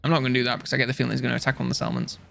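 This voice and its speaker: A young man chatting casually while playing a strategy game on stream, rambling and mocking himself with quick jokes. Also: mid-range voice, monotone, gravelly, a bit bright. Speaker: gaming streamer. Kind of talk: casual let's-play commentary.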